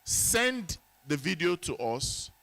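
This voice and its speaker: A man hosting a summit session in a conference hall. He speaks slowly with a bright, forceful tone and a slightly raised pitch. He exclaims and throws questions at the audience. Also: big pitch swings, creaky. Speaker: event host.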